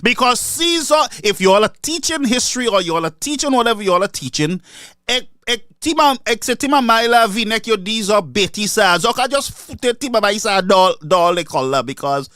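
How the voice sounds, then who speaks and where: A man's voice: sits high, fairly bright tone, dry recording, studio quality. A man with a Saint Lucian accent giving a mocking political commentary monologue, switching between English and Creole. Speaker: online commentator.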